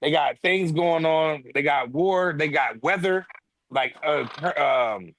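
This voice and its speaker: A man's voice: fairly high pitch, unhurried, fairly bright tone, a little hiss or hum. A man arguing boxing on a casual talk stream, insistent and calling people bro. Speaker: panelist. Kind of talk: casual sports debate.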